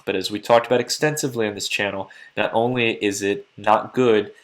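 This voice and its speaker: A man hosting a crypto market commentary channel, talking quickly and earnestly to his viewers late at night, a little tired. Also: fairly low pitch, steady tone. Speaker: crypto market analyst host. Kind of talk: casual market commentary to camera.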